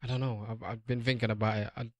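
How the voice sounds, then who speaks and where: A man's voice: medium pitch, little pitch movement, fast, no room sound, lo-fi sound. A man co-hosting a podcast, giggly and playful in casual banter with friends. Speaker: podcast co-host.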